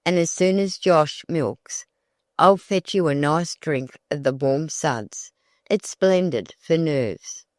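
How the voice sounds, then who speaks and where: An audiobook narrator voicing a sly, coaxing old countrywoman with folksy rural speech, read slowly in a dry recording. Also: mid-range voice, no echo, close to an everyday voice.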